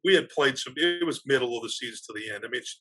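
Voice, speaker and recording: A man, an athletic director, telling animated stories as a podcast guest and laughing through them. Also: medium pitch, quick pace, slightly rough. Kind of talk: casual storytelling on a podcast.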